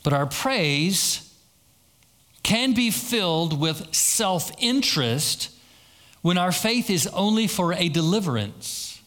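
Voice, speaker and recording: Pastor preaching a storytelling sermon. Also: male voice, high-pitched, animated, takes it slowly, a bit bright. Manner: storytelling with acted-out quotes and repetition.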